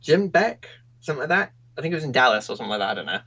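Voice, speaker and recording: A male podcast co-host talks in an easygoing, slightly hesitant way and laughs readily. His voice has an ordinary middle pitch for a man. The recording sounds dull and lo-fi. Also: big pitch swings, very fast, fairly bright tone. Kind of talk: casual review chat.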